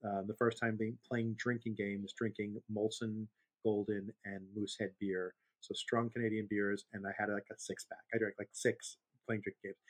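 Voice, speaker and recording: A man's voice: on the low side, a bit bright. Podcast co-host, male, 50s, loose rambling storyteller, easy laugh. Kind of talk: casual chat.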